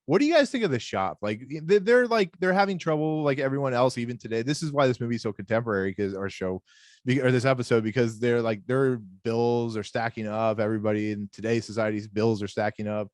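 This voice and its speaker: A man from the American South hosting a podcast in casual chat, rambling through his questions. His voice is mid-pitched and the sound is close and dry. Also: fast, a little mellow, dry recording. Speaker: podcast host.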